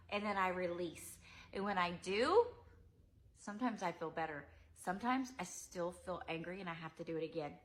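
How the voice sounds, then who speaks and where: A young woman, a preschool teacher, giving a gentle and expressive lesson on emotions to small children. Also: lowish voice, a little fast.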